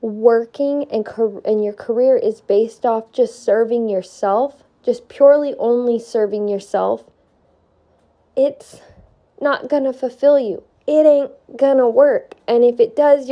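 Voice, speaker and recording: A woman's voice: on the high side, warm tone, highs cut off. A young woman with a stuffy nose giving an earnest, heartfelt spiritual pep talk to her viewers, swearing now and then for emphasis. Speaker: vlogger.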